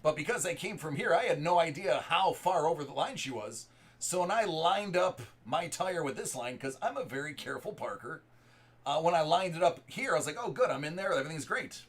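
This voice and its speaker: A man's voice: fairly high pitch, expressive, brisk, breathy edge. A man in his thirties, a live stream host, telling a story to his chat in a rambling way with many restarts. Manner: rambling, restarts and repeated words.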